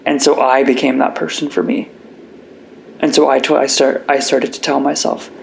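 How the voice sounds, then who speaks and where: Earnest gravelly man sharing his story. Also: mid-range voice, little pitch movement, normal speed, a little hiss or hum, low-quality recording. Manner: earnest and reflective, gets emotional. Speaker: guest. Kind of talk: candid personal interview.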